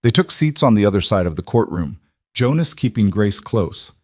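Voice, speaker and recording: A man giving scripted, measured narration of a Western story. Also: lowish voice, very animated, darkish tone, no echo, studio quality.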